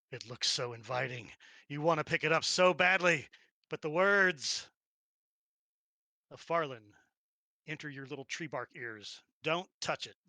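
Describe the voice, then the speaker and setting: A man's voice: mid-range voice, sharp tone, dry recording, studio quality. A man running a tabletop role-playing game as game master, narrating the action animatedly, laughing often and acting out little sounds.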